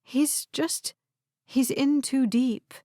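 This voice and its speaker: A woman voicing an anxious, protective young caretaker who talks gently and soothingly. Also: sits high, steady tone, drawn-out words, dry recording, studio quality, voice pushed up. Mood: worried.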